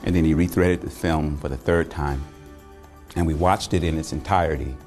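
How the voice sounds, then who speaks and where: A male motivational speaker telling a personal story in a dramatic speech, deliberate with rhythmic repetition. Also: a bass voice, fairly even intonation, darkish tone, faint music behind.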